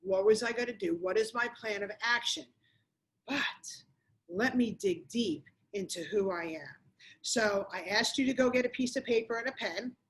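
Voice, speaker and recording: A woman's voice: medium pitch, normal speed. A middle-aged woman giving a motivational talk to camera, speaking emphatically and repeating key phrases straight to the viewer. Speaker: motivational speaker on domestic violence.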